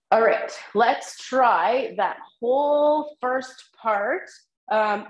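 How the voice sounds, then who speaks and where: Slow, patient woman teaching drum counts. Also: medium pitch, reverberant, poor audio. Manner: patient, counts rhythms aloud slowly, frequent ums. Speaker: tenor drumming instructor. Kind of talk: online group lesson. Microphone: video call microphone.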